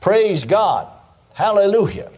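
A man's voice: high voice, animated, slow pace, darkish tone. A man preaching a sermon, emphatic, breaking in with cries of praise and calling on listeners to answer him. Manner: calls for audience response.

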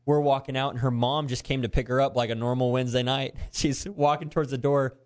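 Man, youth pastor, animated storyteller, acts out voices, mid pitch. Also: fast talker. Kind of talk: conversational storytelling.

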